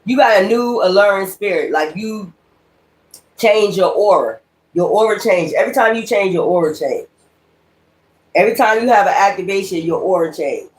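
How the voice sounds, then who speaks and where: A woman's voice: medium pitch, lively intonation, moderate pace. A woman giving a spoken tarot reading in a blunt, profane, ranting manner. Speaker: tarot reader. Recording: echoey room.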